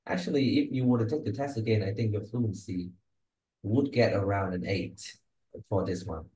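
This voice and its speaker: A man's voice: on the low side, moderate pace, warm tone, echoey room, low-quality recording. A man teaching English and giving exam feedback, with a patient, explanatory manner and frequent check-ins. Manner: patient, explanatory, tags sentences with "okay?" and "huh?".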